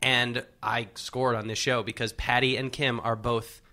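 A man guesting on a podcast, chatting casually with quick comic asides. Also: mid-range voice, flat delivery, pushed and bright. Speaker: guest, actor. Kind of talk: casual chat.

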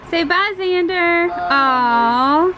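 A young woman filming her family at home, giggling often and cooing baby talk at her toddler son. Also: extremely high pitch. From United States. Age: young adult. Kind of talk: home video chat with a toddler.

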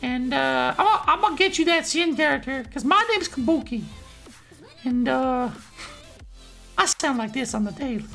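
A man in a voice clip, teasing a friend in a playful, squeaky put-on voice. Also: expressive, moderate pace, creaky, long pauses, pushed and bright, soft background music, exaggerated voice. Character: man's squeaky, cheeky high joke voice. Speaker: fellow gamer in a sent-in clip. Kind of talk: joking voice clip.

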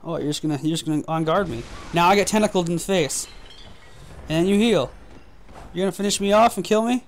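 Male gaming host, high voice, profane running commentary. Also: brisk. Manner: frustrated, profane trash talk. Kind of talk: gameplay commentary.

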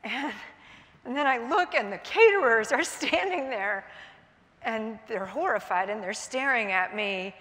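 A middle-aged woman speaks from a conference stage, telling a personal story in vivid present tense. Her voice is bright and forceful, and it carries a long hall reverb. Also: a little high, lively intonation, measured pace. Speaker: keynote speaker.

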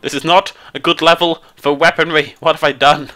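A British man hosting a casual gameplay commentary, excitable and prone to jumping into high squeals. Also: a little fast. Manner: excitable, jumps into high squeals when surprised or delighted. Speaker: let's play host.

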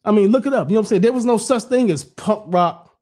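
A man's voice: high-pitched, fast, darkish tone. A middle-aged man talking in a loose, rambling way, peppering everything with "you know what I'm saying" and blunt, profane remarks. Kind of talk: casual podcast chat.

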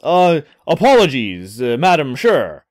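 A man's voice: a little high, sing-song, measured pace, no room sound, clean studio sound. A man voicing a flustered young male time traveller who stammers and rambles through excuses.

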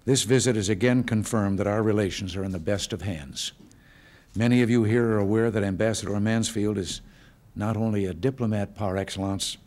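Older man, low-ish voice, relaxed folksy speaker with dry humor, addressing a staff gathering. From United States. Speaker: president giving remarks. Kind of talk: informal speech with joke stories. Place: hotel function room.

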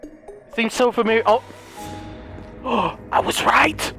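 A high-pitched young man reacting to a game in a frantic comedic commentary. He pleads, shouts and laughs through each round while faint music plays underneath. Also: measured pace, pauses often. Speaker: gaming video host. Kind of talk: comedic let's play commentary.

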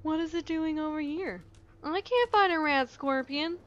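A woman's voice: sits high, normal speed, lo-fi sound. A young woman commenting on her own gameplay in a playful, silly and sweary way, into a desk microphone over game music. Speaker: gaming YouTuber. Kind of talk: let's play commentary.

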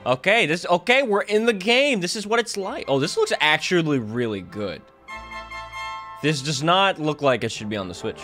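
Young male streamer, excitable jokey chat with swearing, lively fairly high voice. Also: soft background music. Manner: excitable, joking and profane, quick laughter. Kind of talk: live let's-play commentary.

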